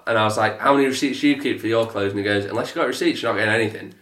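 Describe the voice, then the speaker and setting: A man, telling a story in a casual podcast chat, animated and swearing, mimicking others in a flat lowered voice. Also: very fast. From England. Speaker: podcast co-host. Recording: echoey room.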